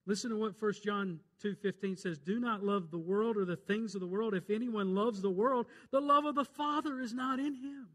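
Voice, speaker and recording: A pastor with a bright, high voice preaches at normal speed in a steady tone, barely pausing. He quotes scripture, tells jokes, and moves back and forth between urgent, loud calls and soft, pleading lows.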